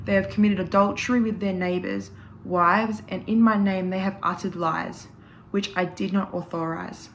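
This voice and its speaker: A woman reading a scripture passage aloud in a church service, in a measured, steady and solemn way. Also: mid-range voice, vocal fry, a little hiss or hum, low-quality recording. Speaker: scripture reader.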